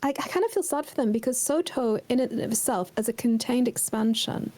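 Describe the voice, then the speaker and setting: A woman on a casual podcast with a fairly high-pitched voice. She gives opinions firmly, often repeating her first words as she gathers her point. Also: animated, a little fast, darkish tone, slight background noise. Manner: opinionated, repeats words when starting sentences. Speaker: podcast guest.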